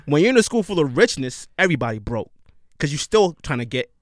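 A man with an African accent jokes his way through a loose group chat, boastful and repeating himself for emphasis. His voice is pitched a little high and swings up and down a lot. It sounds close and dry, with no room behind it. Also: sing-song, quick pace, no room sound. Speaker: podcast co-host. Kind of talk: casual group banter.

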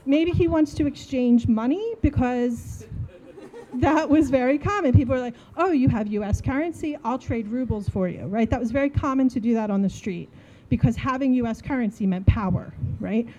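A woman in her forties from New Jersey, telling a funny story in a casual, animated way and acting out the dialogue. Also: fairly high pitch, moderate pace, low-quality recording. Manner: animated, acts out dialogue, laughs while telling.

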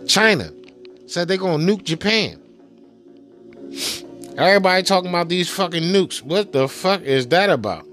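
A man's voice: high-pitched, lively intonation, moderate pace, pauses often, fairly bright tone. Profane man ranting heatedly, faint music. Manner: heated, mocking, repetitive, swears constantly. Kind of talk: profane political rant.

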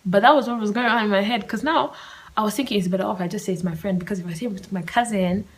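A young woman hosts a casual solo storytime podcast, rambling and animated and often dropping into a whisper. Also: mid-range voice, fast talker, rough recording. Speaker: podcast host.

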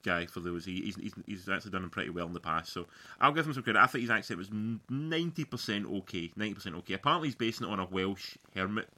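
A man co-hosting a podcast, chatting casually about a film with quick opinionated takes and frequent restarts. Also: sits low, sharp tone. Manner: fast, opinionated, stumbling restarts. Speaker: podcast co-host. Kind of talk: casual film review chat.

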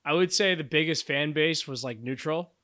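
A man's voice: on the high side, normal speed, pushed and bright. A man co-hosting a podcast, talking casually and rambling with fillers and restarts. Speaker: podcast co-host. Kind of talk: casual chat.

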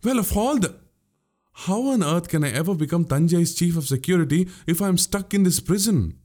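A man's voice: mid-range voice, big pitch swings, moderate pace, a little mellow, close to an everyday voice. A man doing a boastful young warrior. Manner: grandiloquent, boastful storytelling. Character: young boastful swaggering male warrior, witty. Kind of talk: audiobook character voice.

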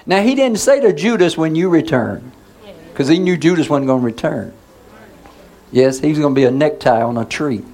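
A man's voice: a little high, lively intonation, moderate pace, dark tone. A male pastor preaching in a conversational way, asking the congregation questions and waiting for answers. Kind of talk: sermon.

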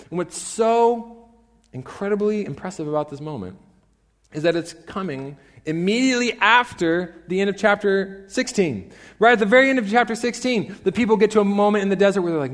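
A young man preaching a casual sermon, an animated storyteller who acts out quotes with playful asides. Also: high-pitched, brisk. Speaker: pastor. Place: church sanctuary. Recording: long church hall reverb.

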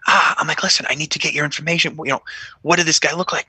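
A man's voice: fairly high pitch, very fast, breathy edge, dry recording. Profane New man telling cop stories. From New York. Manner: profane, animated, acts out dialogue. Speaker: guest, former police officer. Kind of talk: casual podcast storytelling.

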